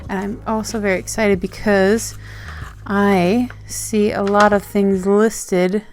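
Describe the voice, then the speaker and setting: A woman's voice: medium pitch, little pitch movement, slow pace, soft background music. An Australian woman opening fan mail on her vlog in a bubbly, gushing, giggly and rambling way. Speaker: zine-maker vlogger.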